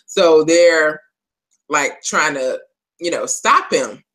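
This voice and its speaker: A woman co-hosting a casual recap, telling the story in an animated way, acting out the characters' lines, with lots of fillers. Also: low voice, slow, rough recording. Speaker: podcast co-host.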